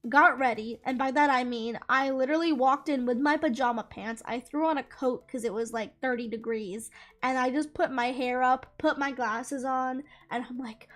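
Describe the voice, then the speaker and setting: A young woman casually telling a story from her life, animated, laughing often and swearing freely. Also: high-pitched, normal speed, faint music behind. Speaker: gaming channel creator.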